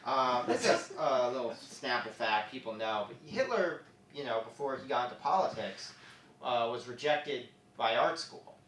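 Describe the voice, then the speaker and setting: A man performing a stand-up comedy set on a club stage, with quick asides as he moves between jokes. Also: mid-range voice, a little hiss or hum. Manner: lively, joke-driven, quick asides. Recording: echoey club from far off.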